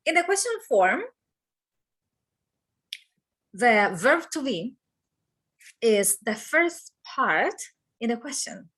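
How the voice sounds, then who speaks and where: A woman teaching an English grammar lesson, repeating example sentences slowly and carefully. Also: on the high side, very animated, a bit bright, breathy edge. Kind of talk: slow English grammar lesson with Spanish explanations.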